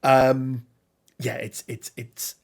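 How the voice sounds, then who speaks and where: A man chats casually about a tabletop miniatures game. His talk is loose and conversational, full of ums and quick restarts, and he reads rules text aloud as he goes. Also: mid-range voice, level tone. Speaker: podcast co-host.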